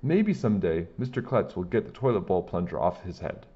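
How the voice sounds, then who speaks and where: A man reading a children's chapter book aloud with plain, steady storytelling. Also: low-pitched, brisk, slightly rough, highs cut off.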